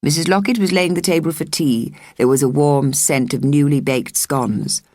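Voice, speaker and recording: A woman narrating a children's novel as an audiobook reader, in measured, expressive storytelling. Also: sits low, dry recording, clean studio sound.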